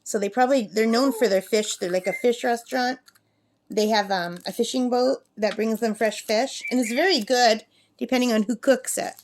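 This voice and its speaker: A woman's voice: on the high side, moderate pace, slight background noise. A woman talking casually in a crafting vlog, rambling along and reading numbers aloud as she works. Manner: chatty and rambling, reads numbers aloud while working. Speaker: crafting vlogger. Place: at her summer camp with a talking parrot.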